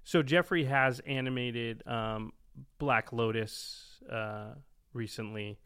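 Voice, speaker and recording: A man's voice: mid-range voice, fairly even intonation, slow pace, fairly bright tone, smooth. A man co-hosting a podcast about a card game, chatting casually with his co-host and often trailing off with fillers. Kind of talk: casual chat.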